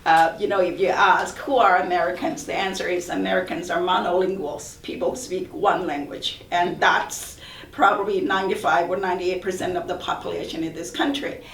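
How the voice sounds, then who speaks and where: A woman's voice: fairly low pitch, steady tone, fairly quick, fairly bright tone, a little hiss or hum. A woman professor on a panel, giving earnest, emphatic advice with some hesitations. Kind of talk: panel discussion. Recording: roomy, distant mic.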